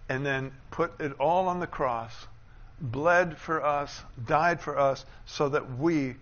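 A man preaching a sermon as pastor, building to loud, emphatic declarations and dropping into quick conversational asides. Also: on the high side, dull audio.

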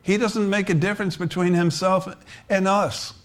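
A man preaching a sermon, his voice sitting a little high for a man. He talks conversationally, stumbling over restarts and breaking into chuckles as he drifts between points. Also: steady tone, normal speed. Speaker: pastor.

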